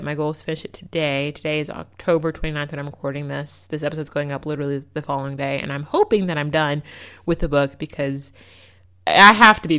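A young woman hosting a casual solo podcast, telling stories in an animated, exasperated way with lots of fillers. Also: low-pitched, clear, resonant tone. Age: young adult. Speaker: podcast host.

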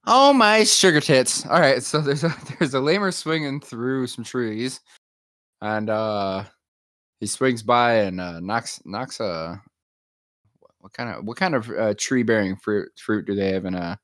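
A man's voice: on the low side, unhurried, dry recording. A man improvising a silly story in casual chat, playful and laughing often.

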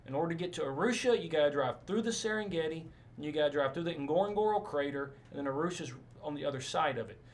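A man, a pastor, telling stories in a casual interview, rambling and animated with many asides. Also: fairly high pitch, fast talker, hardly any pauses.

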